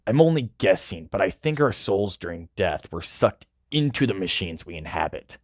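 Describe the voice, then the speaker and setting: A man voicing a gruff, weary wolf robot. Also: low-pitched, sing-song, normal speed, no room sound, studio quality. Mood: sad. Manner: gruff, subdued.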